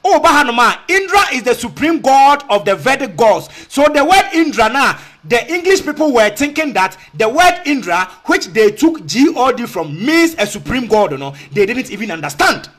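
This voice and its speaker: A man's voice: very high-pitched, very animated, moderate pace, hardly any pauses, a bit bright. A man with a Ghanaian accent giving a casual spoken rebuttal, repeating himself and asking rhetorical questions, mixing in Twi phrases. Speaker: online commentator.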